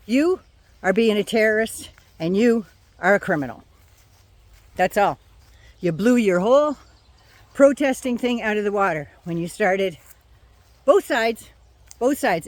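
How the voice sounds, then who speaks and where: A woman's voice: medium pitch, animated, a little slow, long pauses, dry recording. An older woman ranting on her vlog, blunt, indignant and sarcastic. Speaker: vlogger.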